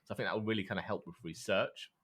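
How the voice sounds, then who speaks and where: A man with a somewhat low voice co-hosting a casual tech podcast. He explains features in a relaxed way and uses fillers as he goes. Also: rapid-fire, breathy edge. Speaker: podcast co-host.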